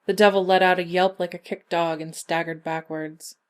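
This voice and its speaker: A woman reads a dark folk tale aloud in measured, even narration. Her voice sits a little low, steady and unhurried throughout. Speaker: story narrator. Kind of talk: scripted narration.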